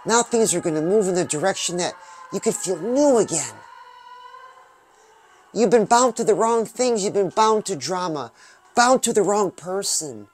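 A man giving an upbeat, preachy pep talk about dreams and goals, often breaking into drawn-out "oh yeah"s while presenting a music video. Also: high voice. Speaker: music video reactor and motivational vlogger. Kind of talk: motivational talk.

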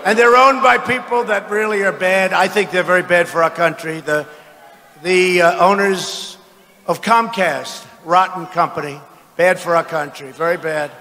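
A man in his seventies giving a political rally speech in an arena, boastful and mocking, often breaking into shouts. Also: sits high, steady tone, normal speed, slight background noise. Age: 70s. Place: large arena with crowd. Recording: arena with long reverb.

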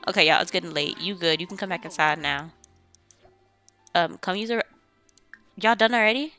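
A woman's voice: on the low side, a little fast, long pauses, bright, forceful tone, no room sound, soft background music. A woman casually commenting on her gameplay. She chats in loose, slangy speech while bossing and teasing her game characters. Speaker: let's play host.

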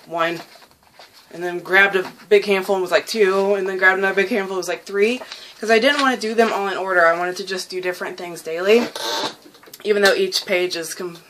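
A young woman vlogging casually about her journal, chatty and excitable, laughing often and full of fillers. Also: mid-range voice, a little hiss or hum.

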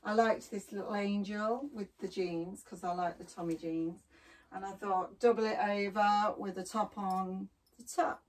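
Mum, mid-pitched voice, cheerful step-by-step explaining, casual chat, distant mic. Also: female voice, fairly even intonation, measured pace. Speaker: parent on a family vlog.

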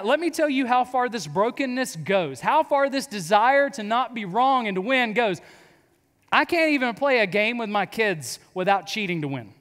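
A man's voice: extremely high pitch, a bit bright. A man in his thirties preaching to students, telling funny stories about himself in a casual, joking manner. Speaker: youth pastor. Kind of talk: youth sermon. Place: large hall with audience. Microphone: clip-on mic. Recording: long hall reverb.

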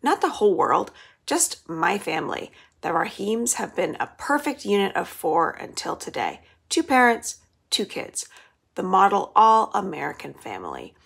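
A woman's voice: lowish voice, vocal fry, breathy edge. A woman librarian reading the first chapter of a children's novel aloud, telling it expressively. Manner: expressive storytelling.

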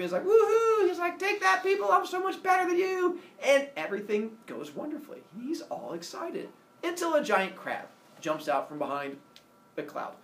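A male teacher retelling a myth to his class in a playful, animated storytelling style, with asides to the students. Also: high voice. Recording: echoey room, far from the mic.

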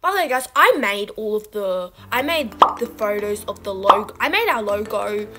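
A woman's voice: mid-range voice, lively intonation, normal speed, heavy background noise. A young woman co-hosting a casual gaming vlog, bubbly and rambling with lots of fillers. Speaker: channel co-host. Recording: music playing behind.

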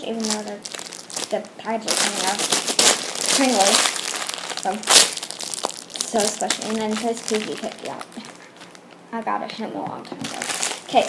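A young woman vlogging an excited toy unboxing, gushing and exclaiming over it. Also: a little high. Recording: echoey room with clear background noise.

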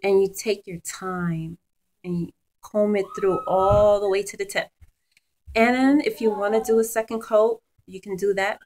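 A woman's voice: medium pitch, slight background noise, low-quality recording. A woman chatting at home about her favorite beauty products, gushing and using lots of fillers. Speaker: beauty vlogger. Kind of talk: casual product review. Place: at home, children nearby.

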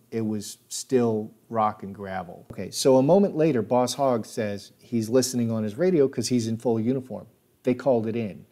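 A man's voice: medium pitch, dark tone. A man recounting his own life story in a casual, spoken way with plenty of filler words. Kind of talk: casual spoken memoir narration.

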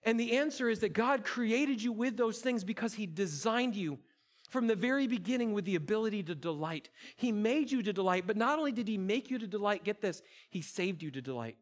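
High-voiced playful preacher man. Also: expressive, a little fast. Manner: playful, interactive, addresses congregation directly. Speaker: campus pastor. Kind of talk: sermon. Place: church auditorium.

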